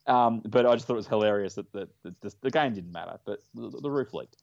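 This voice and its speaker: Australian male podcast host, rapid and teasing, low voice. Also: animated, vocal fry, a little mellow, dry recording, highs cut off. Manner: quick, jokey, chatty. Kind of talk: casual podcast chat.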